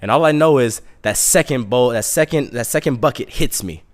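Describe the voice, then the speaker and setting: A young man telling a comic story in a casual, animated, self-mocking way. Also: medium pitch, a little fast.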